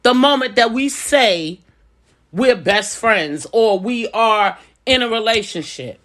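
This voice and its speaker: A woman's voice: fairly high pitch, animated, slow pace, fairly bright tone. A middle-aged woman and business owner giving casual advice straight to camera, blunt and emphatic, coming back to her points again and again.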